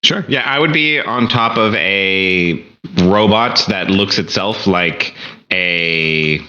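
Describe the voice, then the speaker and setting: A man playing in an online tabletop game chats casually with the group. His voice is bright and forceful, and his audio sounds dull and muffled. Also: low voice, slow. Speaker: player. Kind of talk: casual chat.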